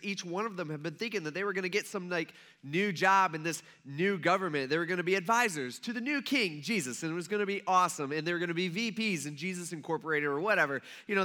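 A man's voice: high voice, sharp tone. A male pastor preaching a sermon in a casual, conversational storytelling manner.

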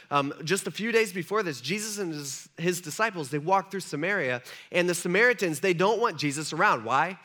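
A man preaching a sermon to a live congregation in a casual, conversational way, acting out quoted lines as he goes. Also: fairly high pitch. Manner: animated, conversational, acts out dialogue. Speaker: pastor.

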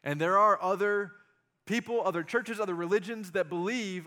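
A man preaching a sermon as pastor, animated, with jokey asides and acted-out quotes. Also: high-pitched, moderate pace.

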